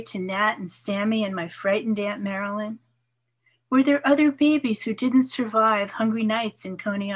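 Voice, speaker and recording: Reading aloud at a poetry event, this woman from New York, USA, now in her seventies, delivers her work with measured expression, her soft voice sinking low on certain lines. Between pieces she makes casual asides.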